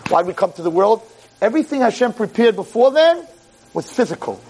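A man with a high voice preaches to his audience with lots of animation, acting out little dialogues and moving between loud bursts and soft, intimate talk. Faint background noise and room ambience sit under him. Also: fairly quick, low-quality recording. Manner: expressive, acts out voices, swings from loud exclamations to soft talk. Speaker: rabbi lecturer. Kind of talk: animated sermon.

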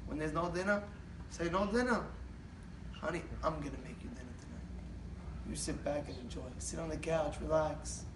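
A calm older rebbe counsels in a low, measured, soothing voice, as a man plays him. The sound is roomy and comes from a distance off the mic. A faint ambient noise lies underneath. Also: close to an everyday voice. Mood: coaxing.

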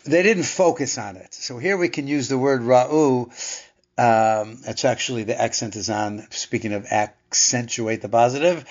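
Guy teaching a torah class, chatty and thoughtful, kinda muffled lo-fi sound. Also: mid-range voice. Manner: thoughtful, conversational, with rhetorical questions and restarts. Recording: dull lo-fi sound.

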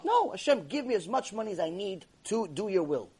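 A man with a high, husky voice gives a Torah lesson to a room of listeners. He tells stories with animation and mixes Hebrew terms into his plain talk. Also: sing-song, fairly quick, a bit bright. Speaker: rabbi teaching a class. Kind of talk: Torah class lecture. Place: classroom with a live audience.

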